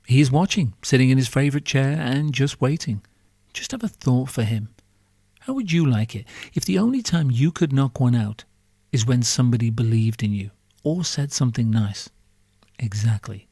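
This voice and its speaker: A man's voice: medium pitch, a little mellow, dry recording, studio quality. A man hosting a podcast, delivering a sarcastic, profane comic monologue full of rhetorical questions. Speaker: podcast host.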